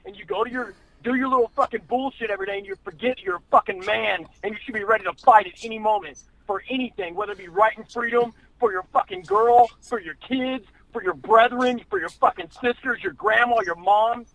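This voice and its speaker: Gravelly, high-pitched macho ranter. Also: male voice, expressive, fairly quick, hardly any pauses, fairly bright tone, no room sound, poor audio. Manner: brash, profane and macho. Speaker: podcast co-host. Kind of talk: boastful comic rant.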